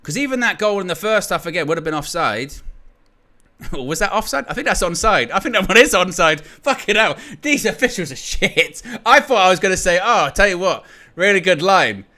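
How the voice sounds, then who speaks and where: A man giving live fan commentary on a football game, his pitch leaping around as he laughs, swears and rants at the officials. His voice is bright and forceful, sitting a little high for a man. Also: big pitch swings, brisk. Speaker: fan match watchalong host.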